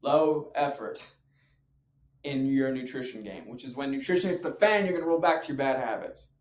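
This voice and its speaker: A man's voice: medium pitch, normal speed. A man coaching on fitness habits in an emphatic, slangy, punchy motivational talk to camera. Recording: echoey room.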